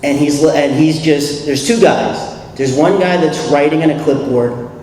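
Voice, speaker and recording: A man with a New York accent telling his recovery story at a convention, animated, acting out dialogue and laughing often. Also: fairly high pitch, normal speed. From New York City. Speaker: recovery meeting speaker. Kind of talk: personal recovery story talk. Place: convention hall. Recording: echoey hall, distant mic, faint hiss.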